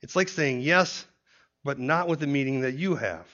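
A man's voice: mid-range voice, lively intonation, moderate pace, fairly bright tone. A man giving an expository Bible teaching who explains points step by step and often starts a point with "see". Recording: dull lo-fi recording.

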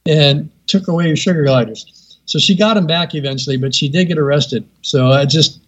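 A man's voice: a little high, a little fast, breathy edge, lo-fi sound. A man, a veterinarian and guest, telling a funny story in a podcast interview, raising his voice to act out the people in it. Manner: animated storyteller, voices characters in raised tones.

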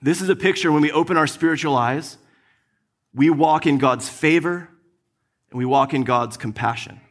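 Animated young man preaching a story. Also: on the high side, normal speed. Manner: animated storytelling, acts out his own frustration. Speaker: pastor. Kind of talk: sermon with personal story.

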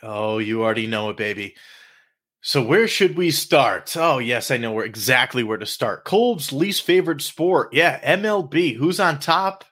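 A man hosting a sports talk show, playful and animated, stretching out hype calls and joking with his co-host. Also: mid-range voice, moderate pace.

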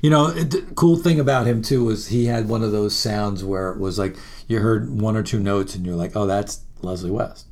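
A man, a musician, telling animated, profane road stories and laughing through them in a casual interview. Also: fairly low pitch, normal speed, few pauses. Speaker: musician guest.

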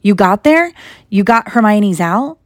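A woman's voice: mid-range voice, animated, measured pace, dry recording, studio quality, close to an everyday voice. A woman voicing a brave but anxious young schoolboy wizard who speaks in urgent, pleading bursts in a storybook reading.

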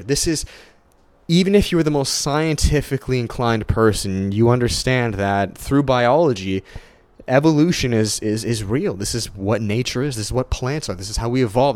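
A young man talks straight into a close microphone, recorded dry with no room sound. His speaking voice sits in a middle pitch, loose and profane, full of restarts and sudden jumps upward when he gets fired up. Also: no echo. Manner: casual, heavy swearing, repeats and restarts, animated swings in pitch. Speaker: podcast host. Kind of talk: solo motivational podcast monologue.

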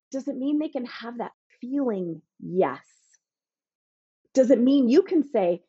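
A woman coach talks on a podcast in a punchy, emphatic way, now and then acting out both parent and teen. Her voice is mellow and husky, and the recording sounds dry and a little dull. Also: fairly high pitch, lively intonation, measured pace, dry recording. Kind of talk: podcast interview answer.

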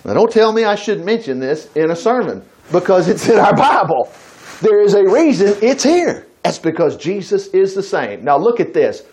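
A man's voice: high-pitched, sing-song, moderate pace, a little mellow. A man preaching a conversational sermon, reading scripture aloud and breaking off into chatty, folksy asides.

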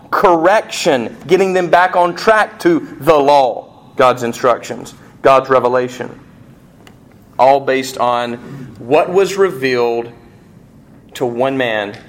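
A man preaching a sermon as pastor, animated, with rising emphasis and rhetorical questions. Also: medium pitch.

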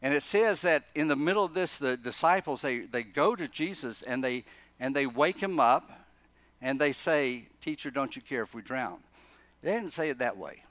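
Preaching at a moderate pace, this pastor's voice sits a little high, and the recording is dry. He shifts animatedly from hushed asides to loud, forceful bursts as he tells the story, frequently breaking off and restarting words.

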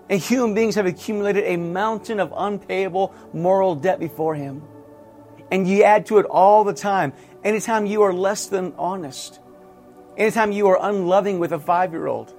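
A man's voice: high voice, darkish tone. A middle-aged man, a pastor, preaching a sermon with earnest, emphatic repetition.

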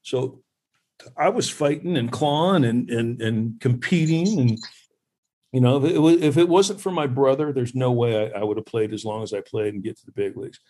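A man who played professional baseball, a guest telling lively stories about growing up competing with his brother. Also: moderate pace. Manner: animated storyteller, mimics others in high voices. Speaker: podcast guest, former pro baseball player. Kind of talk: casual storytelling chat.

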